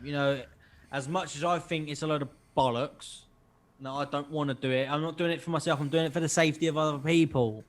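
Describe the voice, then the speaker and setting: A man, co-hosting a podcast and telling stories in an animated, sweary way. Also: a little high, brisk. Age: 20s. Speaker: podcast co-host. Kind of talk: casual chat.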